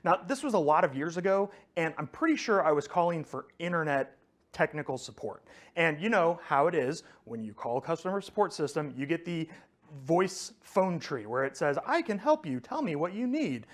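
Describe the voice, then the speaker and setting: A man's voice: on the high side, expressive, normal speed. A man giving a conversational faith teaching, telling a story with frequent fillers and restarts.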